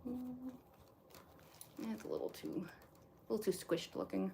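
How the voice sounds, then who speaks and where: Gravelly-voiced young woman rambling casually. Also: medium pitch, moderate pace, mellow, slight background noise. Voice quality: lisp from costume teeth. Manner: rambling, many fillers and restarts, chuckles often. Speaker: cosplayer livestream host. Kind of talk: casual chat while getting into costume.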